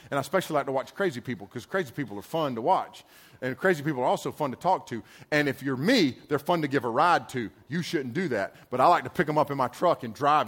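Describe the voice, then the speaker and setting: A man's voice: a little high, a bit bright. A man, a pastor, giving a sermon in a church service with chatty, storytelling asides and slang. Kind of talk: sermon to a youth audience.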